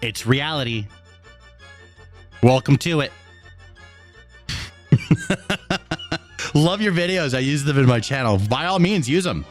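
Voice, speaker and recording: A man's voice: mid-range voice, lively intonation, takes it slowly, long pauses, faint music behind. Laid-back man chatting on a live stream. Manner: laid-back, chuckling, talks to chat. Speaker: streamer reading chat. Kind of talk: casual live-stream chat.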